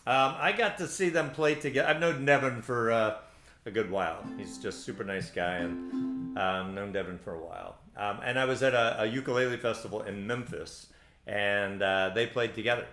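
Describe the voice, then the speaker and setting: A man's voice: on the low side, moderate pace, echoey room, faint music behind. A man from Central Florida hosting a ukulele play-along show, chatting casually between songs with lots of ums and uhs. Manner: relaxed, rambling, many ums and uhs.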